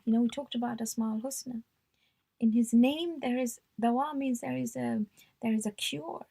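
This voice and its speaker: A woman's voice: a little high, normal speed, gravelly, mellow, breathy edge. A woman teaching a religious workshop, reciting prayer phrases and translating them in an earnest, devotional way, often dropping to a whisper.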